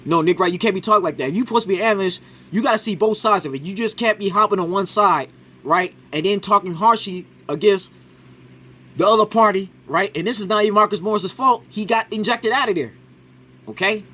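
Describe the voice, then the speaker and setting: Guy ranting at a sports clip, high-ish voice, keeps going "right?". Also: fairly quick, pushed and bright. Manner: argumentative, keeps adding "right?". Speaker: commentator reacting to a sports clip. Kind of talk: casual reaction commentary.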